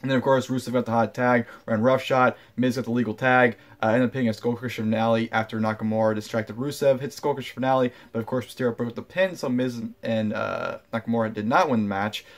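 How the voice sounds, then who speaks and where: A man talks quickly through a wrestling event recap in a loose, unscripted way. His pitch sits in an ordinary middle range. He sounds blunt and dismissive, piling up fillers and restarts. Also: fairly even intonation. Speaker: wrestling show reviewer. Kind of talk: casual spoken review.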